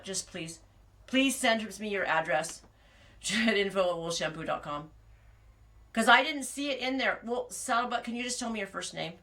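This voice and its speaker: A woman's voice: on the low side, pushed and bright. A woman hosting a casual livestream from her ranch, chatting with viewers and telling rambling stories full of restarts. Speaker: livestream host.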